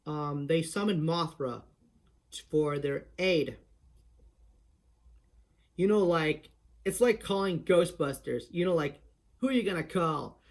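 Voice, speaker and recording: In a voice impression tutorial, a man with a slightly raised pitch and darkish tone walks through each step. His explanations are casual, and he often restarts sentences.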